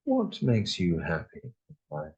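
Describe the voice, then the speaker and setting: A stern male job interviewer, as a man puts him on, speaking in a low, husky, clipped voice. His slow delivery swings sharply in pitch. The sound is dull and distant. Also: wildly swooping pitch, a little mellow, exaggerated voice.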